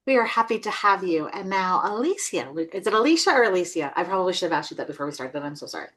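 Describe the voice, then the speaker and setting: A woman's voice: lowish voice, fast, fairly bright tone. Friendly woman podcast co-host. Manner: friendly, apologetic interviewer. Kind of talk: podcast hosting.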